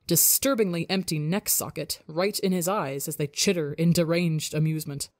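A woman reading a fan fiction story aloud as the narrator, in a calm, steady voice. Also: low-pitched, normal speed, few pauses, dry recording, studio quality. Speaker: audiobook narrator.

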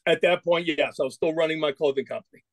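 A man in his forties telling animated stories as a podcast guest, acting out quoted dialogue. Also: a little high, fast talker, dry recording. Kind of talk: casual storytelling interview.

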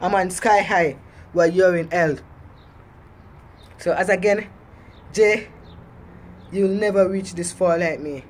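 A man's voice: high voice, slow, long pauses, a little hiss or hum. A man rapping a diss track on his vlog and then taunting his target in boastful, repetitive jabs.

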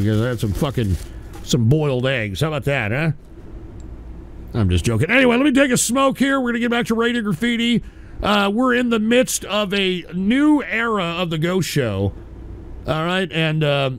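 A brash, profane male host rambling through a casual live stream. His high voice swings widely and carries a gravelly rasp. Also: fairly bright tone.

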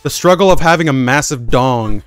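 A man's voice: medium pitch, animated, normal speed, no room sound. A man who streams games, giving crude, joking, rambling commentary as he plays. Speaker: gaming streamer. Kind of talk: casual gameplay commentary.

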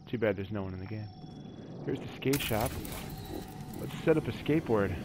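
A man's voice: fairly low pitch, background noise. A man giving easygoing, chatty commentary while exploring a video game map alone, cracking corny jokes as he goes. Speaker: gaming channel host. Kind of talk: solo gameplay commentary.

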